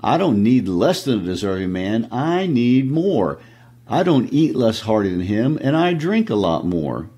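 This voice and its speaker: A man's voice: mid-range voice, big pitch swings, unhurried, mellow, slightly rough. A man reading as a brazen shameless dustman. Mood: defiant. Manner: reading aloud, self-justifying banter. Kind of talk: reading play lines.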